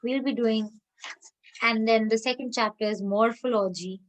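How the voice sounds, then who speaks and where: A woman's voice: on the high side, steady tone, rough recording. Emphatic Indian woman lecturing. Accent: Indian English. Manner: emphatic and opinionated, slowing to stress terms. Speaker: college English lecturer. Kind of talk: classroom lecture.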